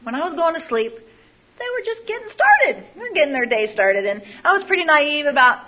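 Candid woman, muffled and higher-voiced. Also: big pitch swings, normal speed. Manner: candid, confessional, repeats phrases. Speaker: speaker sharing a recovery story. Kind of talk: personal testimony to an audience.

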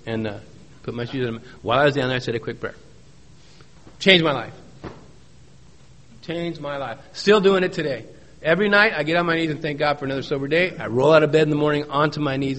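In a recovery meeting testimony, a middle-aged man spins folksy stories peppered with jokes, repeating key phrases to drive them home. His voice is mid-range and fairly bright, with slight background noise.

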